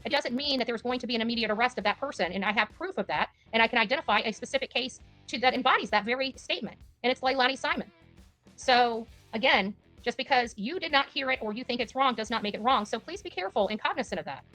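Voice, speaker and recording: A woman talks quickly in a bright, slightly high voice, pointed and lecturing. Soft music runs beneath. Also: animated. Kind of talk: lecturing stream commentary.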